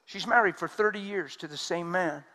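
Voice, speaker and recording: A man preaching a sermon, telling stories with emphasis and swinging from loud outbursts to hushed tones. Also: sits high, moderate pace. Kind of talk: sermon storytelling.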